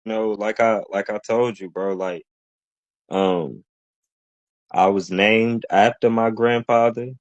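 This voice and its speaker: A man with a low voice talks in a relaxed, rambling way, full of fillers and restarts. The recording is dry and a little dull. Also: slow pace, long pauses, dry recording. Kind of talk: casual chat.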